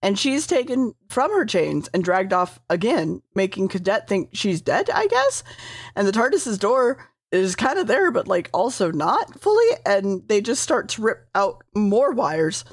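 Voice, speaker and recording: A woman's voice: mid-range voice, very animated, measured pace, dry recording, studio quality. A woman casually recapping a tabletop game session, rambling, hedging and swearing.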